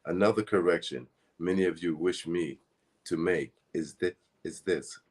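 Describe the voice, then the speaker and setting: Guy w a really low voice rambling thru a spiritual lesson, earnest, chatty. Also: normal speed, darkish tone, slightly rough. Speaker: spiritual teacher. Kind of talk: casual spiritual teaching talk.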